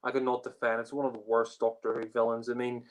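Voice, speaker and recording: A man's voice: medium pitch, completely flat delivery, quick pace. Rambling, laughing man in casual chat. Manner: laughing, swearing, rambling with fillers. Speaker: podcast co-host. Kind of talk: casual chat, reviewing a TV story.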